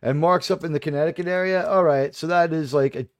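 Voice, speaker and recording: A man's voice: on the high side, fast, no echo. A man hosting a casual livestream chat, rambling and digressive with sudden aggrieved outbursts. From New York.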